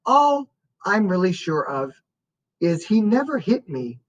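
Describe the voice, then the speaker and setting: A woman reading a first-person story aloud as an audiobook narrator, in a slow and expressive way. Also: mid-range voice, highs cut off, a little hiss or hum.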